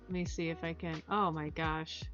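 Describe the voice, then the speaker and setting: A woman's voice: deep voice, flat delivery, moderate pace. A chatty woman streamer talks casually with her chat, reading messages aloud and tripping over names. The audio is dull and lo-fi, with faint music playing underneath.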